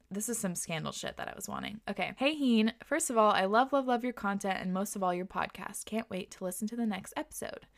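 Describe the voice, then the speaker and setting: A young woman hosting a podcast, reading listener stories aloud and reacting between them in a giggly, expressive way, swearing freely. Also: medium pitch, brisk, creaky, hardly any pauses.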